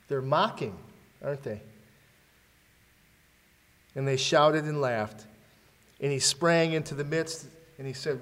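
A man's voice: a little high, takes it slowly, long pauses, fairly bright tone. A man preaching a sermon, asking the congregation rhetorical questions and giving dramatic readings. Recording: long hall reverb.

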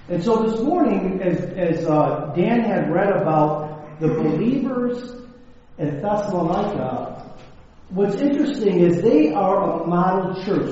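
Pastor guy giving a sermon, kinda high mellow voice, lots of echo in the hall. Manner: conversational, with frequent filler words and light humor. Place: church hall. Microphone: mounted microphone at a podium. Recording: echoey hall, dull lo-fi sound, faint noise.

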